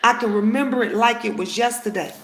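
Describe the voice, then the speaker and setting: A woman's voice: on the high side, a little fast, roomy sound, a little hiss or hum. A woman telling a personal story to her viewers in casual chat, emphatic and heated, often turning to address them directly.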